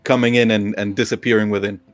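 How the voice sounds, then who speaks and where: A man running a tabletop game as game master, calmly describing scenes to the players. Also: lowish voice, fast talker. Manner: calm descriptive narration.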